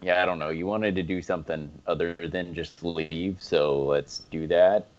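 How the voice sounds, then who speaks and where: A man's voice: sits low, fairly even intonation, normal speed, darkish tone, lo-fi sound. A man playing a tabletop game who talks in a laid-back, jokey way. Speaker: player. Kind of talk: casual tabletop play.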